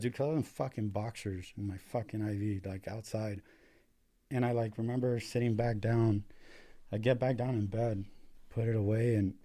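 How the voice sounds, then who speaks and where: With a lowish, dark voice, a young American man who works as a paramedic tells his story as a guest. The talk is profane and casual, crowded with fillers and lots of "dude" and "like."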